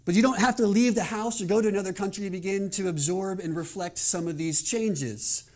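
A male pastor delivering a sermon, opening with a quiet prayer and then speaking in an earnest, measured way. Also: sits high, lively intonation. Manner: earnest, measured preaching with soft prayerful passages.

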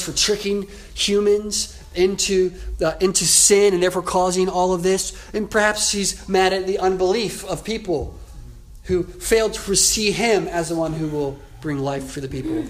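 A man with a slightly higher-pitched voice preaching a sermon. He explains the passage in an easy, conversational manner, often pausing to correct himself. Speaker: pastor.

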